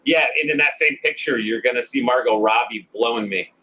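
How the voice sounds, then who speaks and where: A man's voice: medium pitch, a little fast, pushed and bright, slightly rough, low-quality recording. A man co-hosting a casual podcast, joking crudely about a slasher movie and often acting out characters' lines. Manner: joking, laughs often, acts out quoted lines. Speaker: podcast co-host.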